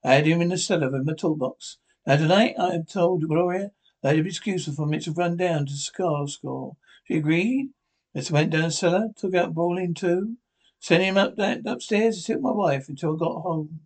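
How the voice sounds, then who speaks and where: An actor playing a scheming henpecked husband in a 1950s radio drama, talking in a confiding, conspiratorial way. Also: male voice, a little high, moderate pace. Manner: confiding, conspiratorial, eager to show off. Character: sly henpecked middle-aged husband, scheming and pleased.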